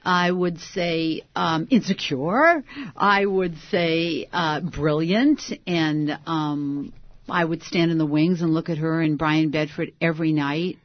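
A woman's voice: deep voice, slow pace, dry recording. Actress guest, woman, 60s, chatty and self-mocking, dry, dull-toned recording. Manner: lively, laughing, self-deprecating. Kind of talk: interview conversation.

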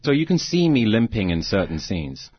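A deep-voiced man tells stories in an interview, animated and quick to laugh. His voice is low and husky. The recording is dry and a little dull. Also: no echo. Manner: animated anecdotes, acting out quoted voices, frequent laughs. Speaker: interview guest, actor. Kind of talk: storytelling in a conversational interview.

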